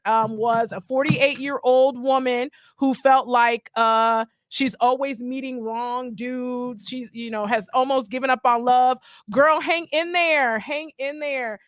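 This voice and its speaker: A woman's voice: high-pitched, unhurried, few pauses, no echo. A woman hosting a radio show, sassy and teasing in casual studio chat.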